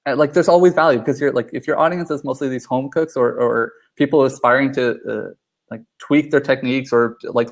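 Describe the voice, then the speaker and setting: A man's voice: medium pitch, fairly even intonation, a little fast. Chatty man coaching with constant fillers. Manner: rambling, filler-heavy, coaching tone. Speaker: conference speaker giving advice. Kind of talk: casual video group chat.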